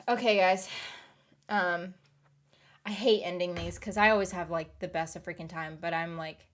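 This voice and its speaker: Late at night, a tired woman in her thirties talks casually with her stream viewers in a fairly low voice at a measured pace. She rambles and giggles, laughs a lot, and tends to trail off.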